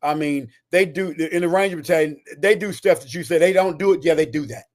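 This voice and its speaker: An older man in his sixties with a high voice, a retired Army Ranger and author, is a guest telling animated stories. He talks fast and emphatically.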